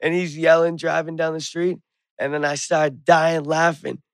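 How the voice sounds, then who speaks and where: A young man telling a rowdy story in casual chat, swearing, animated and getting loud. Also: fairly high pitch, normal speed, clear, resonant tone, no room sound.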